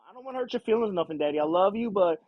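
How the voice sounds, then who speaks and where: A man's voice: high-pitched, animated, phone-quality sound, pitched above the performer's own voice. A man putting on the voice of a spoiled young woman, whining and pleading with her father for money. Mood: whiny pleading. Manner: whiny, drawn-out pleading with repeated "daddy".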